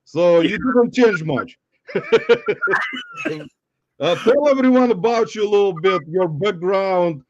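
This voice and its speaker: A high-voiced man hosting a loose, jokey livestream, laughing between lines. His audio is dull and lo-fi, and the sound is dry and close, with no room around it. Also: wildly swooping pitch, slow pace, pauses often, no room sound. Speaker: livestream host. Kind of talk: casual livestream chat.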